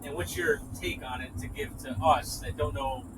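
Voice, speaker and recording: A man in the audience asking long, rambling questions, heard from a distance over loud noise. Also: medium pitch, fairly even intonation, moderate pace. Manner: rambling, restarts often.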